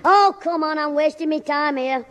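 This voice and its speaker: A man's voice: very high-pitched, moderate pace, a bit bright, long reverb tail. A man voicing a cheeky, cash-strapped schoolboy who wisecracks in a 1960s radio sitcom.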